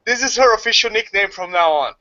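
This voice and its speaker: A man who speaks natively, telling a story in casual chat with lively retelling. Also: sits high, fast talker. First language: Portuguese. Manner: animated storytelling, acts out voices. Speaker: study group organizer. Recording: dull lo-fi audio.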